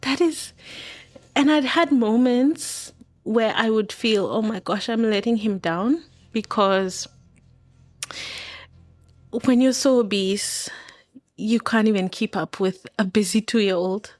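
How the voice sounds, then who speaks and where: A woman's voice: medium pitch, a little slow, no echo. Woman, from Kenya, thirties, podcast guest, emotional personal story, laughs often, dry sound. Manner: candid and emotional, laughs often, acts out quoted voices.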